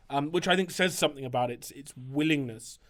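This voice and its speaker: Here the priest and writer sounds fairly high-pitched and a touch bright, speaking a little fast. As a podcast guest he works through interview questions in a reflective, wandering way, frequently pausing and starting over.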